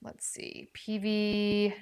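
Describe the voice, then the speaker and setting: A woman presents products on a casual home livestream with her dog nearby, chatting with viewers by name, reading out comments, and thinking aloud as she checks prices. Her medium-pitched voice is monotone and a little mellow, with drawn-out words.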